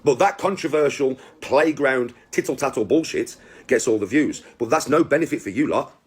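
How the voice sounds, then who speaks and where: This man in his forties, a content creator, speaks at medium pitch and normal speed in an animated way. Telling a casual story to camera, he boasts, swears a lot and keeps checking in with the people watching.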